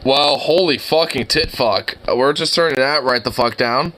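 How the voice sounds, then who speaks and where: A young man doing casual reaction commentary, incredulous and excitable, who swears a lot and trips over his words. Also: medium pitch, normal speed, a little hiss or hum. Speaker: reaction video host.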